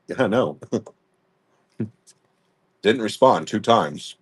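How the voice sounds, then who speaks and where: Blunt, chatty man with a lowish voice. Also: expressive, drawn-out words, slightly rough. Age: young adult. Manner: blunt, chatty, laughs often. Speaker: live-stream jewelry seller. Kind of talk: casual live-stream chat.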